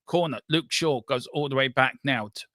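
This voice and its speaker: A man hosting a football watchalong, calling the play live with excitable banter. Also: mid-range voice, normal speed, dry recording, clean studio sound. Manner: excitable, running commentary with banter. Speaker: watchalong host.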